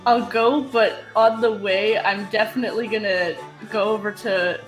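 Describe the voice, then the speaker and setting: A woman's voice: mid-range voice, fairly even intonation, moderate pace, soft background music. A young woman playing a tabletop game, playful and giggly in her reactions. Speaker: player. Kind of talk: casual tabletop game play.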